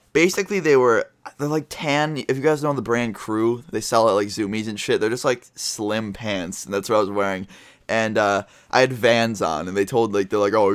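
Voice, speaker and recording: A man's voice: fairly low pitch, moderate pace, clear, resonant tone, dry recording. Teen guy telling a rambling story. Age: teens. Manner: casual rambling with many fillers and swearing. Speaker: vlogger. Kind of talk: storytime vlog.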